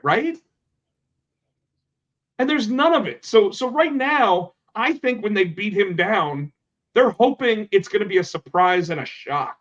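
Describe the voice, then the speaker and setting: Animated, swearing podcast host man. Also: high-pitched, measured pace. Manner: animated, swears, acts out quotes. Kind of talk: casual chat about pro wrestling. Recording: dull lo-fi sound.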